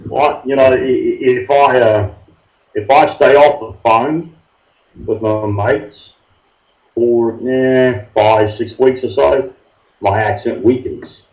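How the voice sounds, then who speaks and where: A man's voice: mid-range voice, slow, a little mellow. A man in his sixties with an Australian accent, chatting casually as a guest over a phone call, easygoing and rambling. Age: 60s. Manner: easygoing, rambling, says mate. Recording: roomy, dull call audio.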